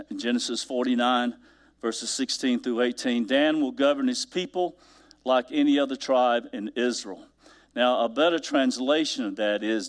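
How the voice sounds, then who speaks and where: A male pastor preaching a sermon, animated, swinging between loud emphasis and hushed asides. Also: mid-range voice.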